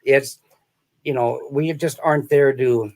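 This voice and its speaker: With a steady, darkish, mid-range voice, this man speaks unhurriedly as a guest in a relaxed interview. He's a sales author from the small-town Midwest who rambles through stories, frequently laughing and starting sentences over.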